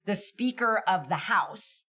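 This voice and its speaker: A woman co-hosting a political commentary show, speaking in a measured, reflective way with some hesitations. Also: medium pitch, animated, sharp tone. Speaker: co-host.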